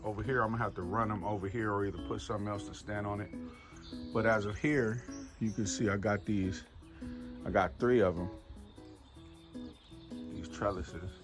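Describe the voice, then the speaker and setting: A man casually walking viewers through his home garden, chatty and relaxed, calling them y'all. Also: lowish voice, normal speed, long pauses. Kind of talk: casual walk-through narration. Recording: music playing clearly behind the voice.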